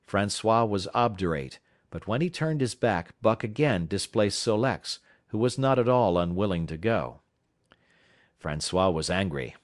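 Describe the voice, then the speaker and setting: A man from South Carolina narrates an audiobook in a measured, steady way. His voice sits on the low side. The recording is dry and close, with no room sound. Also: dry recording.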